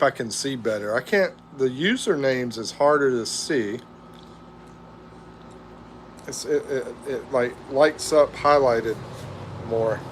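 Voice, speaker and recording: A man's voice: a little high, slight background noise. A middle-aged man hosting a casual livestream, chatting in a drawling, rambling way as he reads out viewer comments. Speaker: livestream host.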